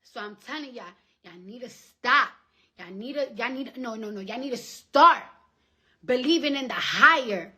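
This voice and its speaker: A young woman chatting on a phone live stream at home, profane and rambling, swinging from loud outbursts to hushed whispers. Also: fairly high pitch, animated, moderate pace, husky. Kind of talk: casual live-stream chat.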